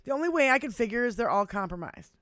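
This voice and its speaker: A woman's voice: on the high side, animated, quick pace, a crowd in the background. A woman in her fifties co-hosting a casual political podcast chat, swearing freely, talking with animation and laughing often. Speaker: podcast co-host.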